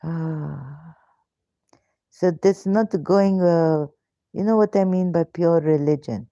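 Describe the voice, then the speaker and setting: Woman ranting slow n mellow, lots of uh and why questions, muffled lofi stream. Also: on the low side, smooth, no room sound. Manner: emphatic and indignant, full of rhetorical questions, hesitant fillers and broken grammar. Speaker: ex-Muslim question-and-answer host. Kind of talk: live question-and-answer talk.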